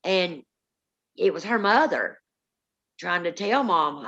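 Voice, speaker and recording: Lady rambling thru a family ghost story on a live stream, lowish voice, kinda dull lo-fi audio. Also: expressive, takes it slowly, fairly bright tone. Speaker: paranormal stream co-host.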